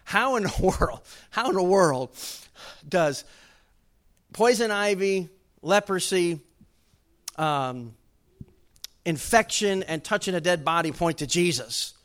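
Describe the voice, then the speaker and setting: A male pastor, preaching a sermon in a conversational way that rises to loud, emphatic bursts. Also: high voice, animated, slow, pauses often.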